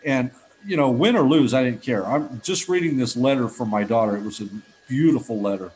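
At a recovery meeting, a middle-aged man with a mid-range, slightly mellow voice gives personal testimony, speaking fairly quickly, earnestly and from the heart. He often restarts his sentences. The recording is low quality, with a faint hiss behind him.

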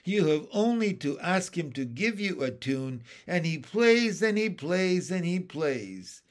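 A man's voice: sits high, big pitch swings, slow pace, full character voice. A man voicing a cheerful, friendly young boy who reciting rhymes eagerly in a storybook reading. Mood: rhyming. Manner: bright and eager.

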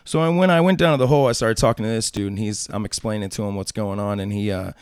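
Low, smooth-voiced man telling rough stories. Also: quick pace, dry recording, clean studio sound. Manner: profane, acts out quoted voices. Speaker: tattoo artist guest. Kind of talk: casual storytelling interview.

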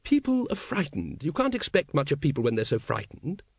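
A man voicing a bitter, weary male watch captain who speaks gruffly and dryly, in an audiobook reading. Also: fairly high pitch, huge pitch swings, a little fast, no echo, full character voice. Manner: gruff, dry.

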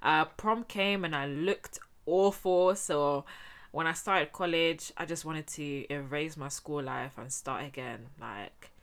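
A woman's voice: low voice, slow pace. A young woman from Spain telling her life story to viewers in a chatty, slangy, casual way. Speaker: vlogger.

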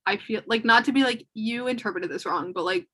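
A woman's voice: fairly high pitch, brisk, breathy edge. A young woman co-hosting a podcast, talking casually and with strong opinions, full of fillers. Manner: animated, opinionated, filler-heavy. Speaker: podcast co-host. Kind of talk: casual chat.

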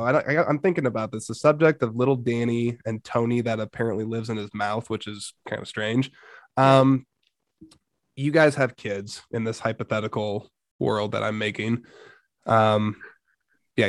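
A man's voice: medium pitch, no room sound. A man hosting a casual chat about movies, speaking loosely and hesitantly with lots of fillers. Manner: loose, halting, filler-heavy. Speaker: podcast host.

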